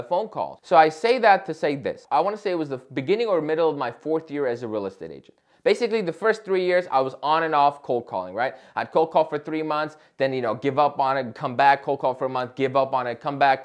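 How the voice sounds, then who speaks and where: Passionate young man vlogging advice. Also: on the high side. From Chicago area. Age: young adult. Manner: passionate, emphatic, talks loudly with frequent "right?". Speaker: real estate agent and vlogger. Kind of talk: direct-to-camera advice vlog.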